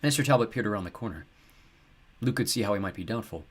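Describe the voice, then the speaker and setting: Man reading an audiobook, lowish voice, calm and steady. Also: quick pace, breathy edge. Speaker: audiobook narrator. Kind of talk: scripted narration.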